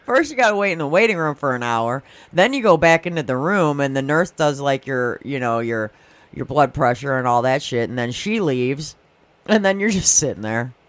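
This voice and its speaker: A woman's voice: a bass voice, animated, normal speed. A woman in casual chat, teasing and asking questions, often laughing.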